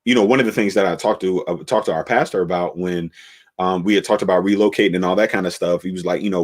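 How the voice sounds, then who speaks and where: A man, a pastor, telling the story of his church's beginnings in a relaxed conversational way, with many fillers and restarts. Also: sits low, fast.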